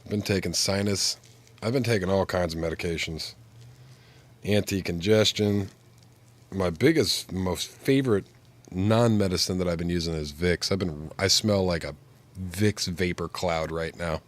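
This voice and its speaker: Stuffy-nosed man with a very low voice. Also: normal speed. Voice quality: nasal. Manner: rambling, joking. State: congested, stuffy nose from flu. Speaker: streamer. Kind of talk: casual chat while gaming.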